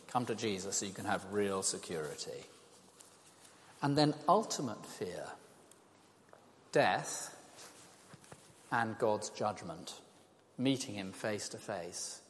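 An older man gives an evangelistic talk to an audience, his voice on the low side as he takes his time with long pauses. He's conversational and self-deprecating, telling stories with animation, and the sound echoes through a reverberant hall.

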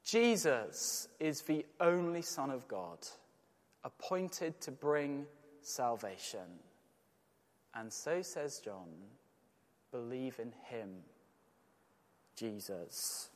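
A man's voice: medium pitch, lively intonation, very slow, long pauses. A man preaching a sermon, earnest and emphatic, with rhetorical questions. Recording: long church reverb.

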